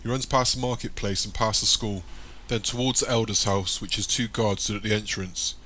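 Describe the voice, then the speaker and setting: A man reading an audiobook chapter in plain, even scripted narration. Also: on the low side, moderate pace, slight background noise.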